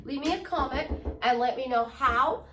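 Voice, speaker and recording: A woman's voice: high-pitched, normal speed, bright, forceful tone, far from the mic, a little hiss or hum. A woman from Chicago, a relationship life coach, giving an upbeat, gushing motivational vlog talk. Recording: echoey room, voice away from mic.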